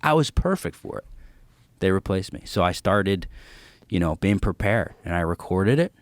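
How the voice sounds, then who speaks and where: A man's voice: low voice, moderate pace, no room sound. A man, a comedian guest, telling stories in casual podcast chat, swearing freely and acting out the voices of the people he quotes. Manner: animated, profane, acts out quoted voices.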